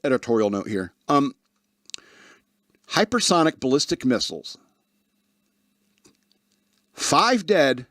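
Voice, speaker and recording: This medium-pitched male radio host offers casual commentary on the news, reading stories and veering off into sarcastic remarks and gripes. The audio is studio quality without any echo.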